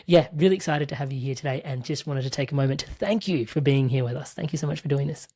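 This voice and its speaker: Australian woman host, deep for a woman, eager, casual interview. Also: fast talker, dark tone. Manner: enthusiastic, many fillers. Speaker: podcast host.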